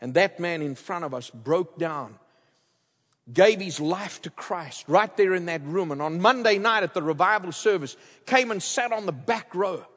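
Animated male preacher in a big church. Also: sits high, moderate pace. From outside the United States. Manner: animated, swings from loud to hushed. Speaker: guest preacher. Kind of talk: storytelling sermon. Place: large church. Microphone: headset mic. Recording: long reverb of a large church.

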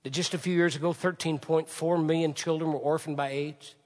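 Impassioned preacher in a reverberant hall. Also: male voice, a little high, steady tone, brisk. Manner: impassioned preaching, swinging from shouts to hushed lines. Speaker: pastor. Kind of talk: sermon.

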